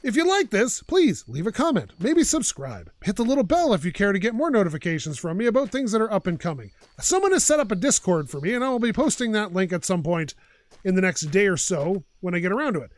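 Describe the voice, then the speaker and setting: A man's voice: high-pitched, very animated, quick pace, dry recording. A man hosting his own gaming channel, chatting and ranting in an opinionated way while he plays. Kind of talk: casual gameplay commentary.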